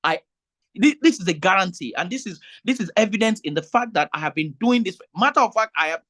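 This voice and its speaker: A man's voice: high-pitched, lively intonation, brisk, sharp tone. A man, an event MC talking to vendors in a meeting, emphatic and pleading, often repeating himself. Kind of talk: meeting talk.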